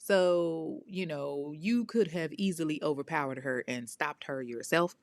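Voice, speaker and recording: A woman's voice: sits low, a little slow, no room sound. Profane blunt woman telling true crime. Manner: blunt, profane, emphatic asides. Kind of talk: casual true crime storytelling.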